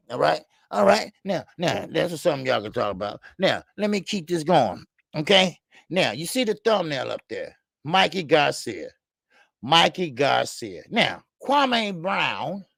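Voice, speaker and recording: Gravelly, profane man ranting about boxing. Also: sits high, a bit bright, dry recording. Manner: profane, heated, repetitive ranting; reads viewer names and Super Chats. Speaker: boxing talk show host. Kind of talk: live-stream call-in rant.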